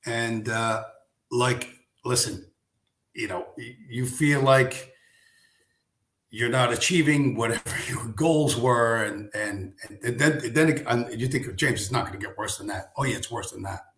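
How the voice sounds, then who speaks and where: A man's voice: medium pitch, slow, fairly bright tone, echoey room. A man hosting a live stream, ranting in a casual way, sarcastic and profane, firing off rhetorical questions.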